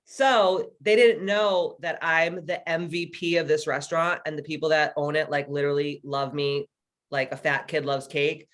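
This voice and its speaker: Brief: woman in her thirties hosting a video call, crude, laughing storyteller. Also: deep voice. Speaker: workshop host. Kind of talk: casual chat.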